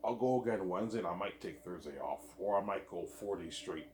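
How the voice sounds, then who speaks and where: A man's voice: deep voice, fairly quick, a little mellow, a little hiss or hum. A young man rambling casually and profanely, often repeating and stumbling over his words. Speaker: vlogger. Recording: echoey room.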